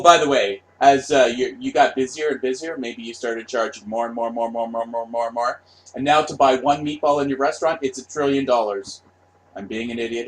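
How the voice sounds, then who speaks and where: Brief: a man ranting on camera, sarcastic and crude, repeating words over and over. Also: medium pitch. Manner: profane, repetitive, sarcastic. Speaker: vlogger. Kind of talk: casual rant.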